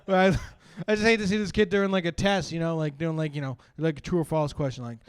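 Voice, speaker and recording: A man doing a stand-up set, rambling with lots of fillers and breaking into sudden loud bursts. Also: on the high side, fairly even intonation, quick pace, few pauses, clear, resonant tone, no echo. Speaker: stand-up comedian.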